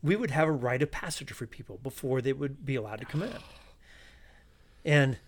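A man's voice: mid-range voice, expressive, moderate pace, a little hiss or hum. A middle-aged man, a podcast guest, speaking in a reflective, philosophical way and thinking aloud. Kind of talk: casual conversation.

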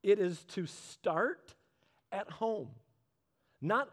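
An animated male preacher addresses his audience conversationally, quizzing them with questions and slowing down in a low voice on the crucial phrases.

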